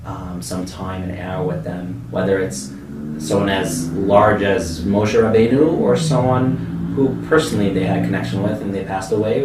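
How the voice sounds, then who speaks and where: A man's voice: low-pitched, very noisy. A man co-hosting a show, chatting eagerly and loosely. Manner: eager, conversational, loose with fillers. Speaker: podcast co-host. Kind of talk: casual chat. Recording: roomy sound from a distant mic.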